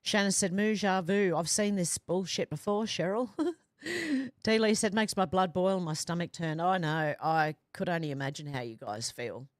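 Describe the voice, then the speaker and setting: Woman host, lowish voice, dry close sound, casual stream chat reading out viewer comments. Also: moderate pace, no echo. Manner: chatty, reads comments aloud with asides and fillers. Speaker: livestream host.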